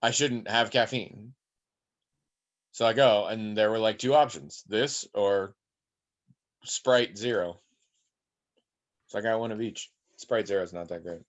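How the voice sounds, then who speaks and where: Here a podcast co-host speaks in a fairly low pitch, a bit slowly and with frequent pauses, on a muffled recording. He rambles through animated stories in casual conversation, putting on voices for the characters.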